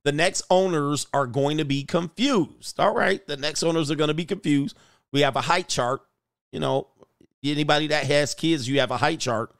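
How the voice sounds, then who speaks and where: Exasperated man with a gravelly voice. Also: a little high, moderate pace, a bit bright, dry recording, clean studio sound. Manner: exasperated, joking, crude. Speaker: commentator reacting to clips. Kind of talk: casual reaction commentary.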